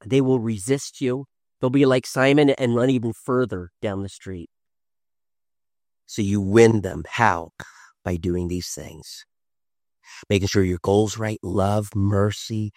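A man, a father in his thirties, preaching a sermon, swinging from loud emphasis to hushed tones. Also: on the low side, no echo, studio quality. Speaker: pastor.

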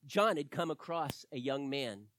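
A man preaching a sermon, telling stories animatedly and swinging between loud bursts and hushed moments. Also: fairly high pitch, animated, unhurried, dry recording.

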